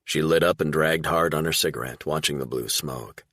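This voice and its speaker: A man narrating a crime thriller audiobook in a measured, dramatic reading. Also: rumbling low, a bit bright, no room sound, studio quality. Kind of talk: scripted narration.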